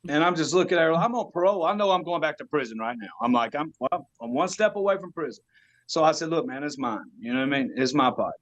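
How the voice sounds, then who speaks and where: A man with a drawl tells a story as a podcast guest. His voice sits a bit high, and he drops into slang and chuckles often. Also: fast talker, muffled recording. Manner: animated, laughing storyteller with Southern US slang. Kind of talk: casual storytelling.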